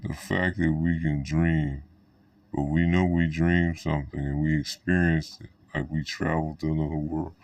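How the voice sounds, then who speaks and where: Super deep flat-voiced guy rambling and cussing, dry sound, mic kinda far off. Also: no room sound. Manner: profane, animated, laughs between thoughts. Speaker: vlogger. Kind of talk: rambling monologue.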